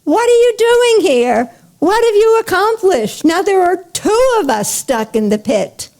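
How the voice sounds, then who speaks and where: A woman's voice: fairly high pitch, lively intonation, moderate pace, creaky, mellow, husky, exaggerated voice. A woman voicing a desperate man stuck in a pit, pleading with rising urgency in a raised voice. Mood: exasperated.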